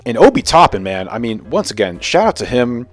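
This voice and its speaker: Animated young man ranting about basketball. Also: mid-range voice, fairly quick, faint music behind. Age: young adult. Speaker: sports video host. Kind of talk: casual sports commentary vlog.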